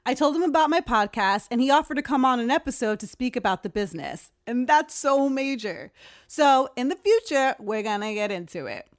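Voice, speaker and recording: A woman's voice: a little high, lively intonation, a little fast. A young woman from Long Island telling a personal story in a candid, profane way, acting out the voices of the people she quotes. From Long Island, New York. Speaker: podcast host. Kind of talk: casual storytelling monologue.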